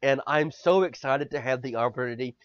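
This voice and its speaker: A man co-hosting a casual podcast chat, excitable and rambling, swearing often and swinging between quiet and loud. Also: medium pitch, a little fast, dry recording. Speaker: podcast co-host. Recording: dull lo-fi podcast mic.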